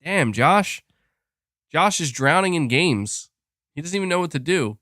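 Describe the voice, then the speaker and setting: A young man hosting a casual gaming podcast, rambling excitably with restarts and laughs as he reads viewer messages. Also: a little high, a little slow, no echo, clean studio sound. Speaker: podcast host reading super chats. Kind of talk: casual live-stream chat.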